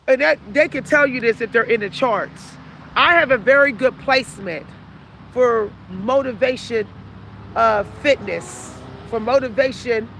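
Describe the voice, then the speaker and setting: A woman's voice: fairly high pitch, vocal fry, a bit bright, slight background noise. A woman in her forties giving casual advice to her viewers, preachy and repeating herself for emphasis. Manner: preachy, repetitive, talks straight to the audience. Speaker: vlogger.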